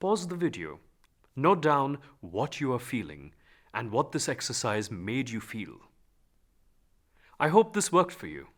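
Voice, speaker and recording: A man teaching a calm, guided voice lesson, giving instructions and demonstrating practice lines aloud. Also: medium pitch, a little slow, pauses often. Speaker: voice and speech teacher.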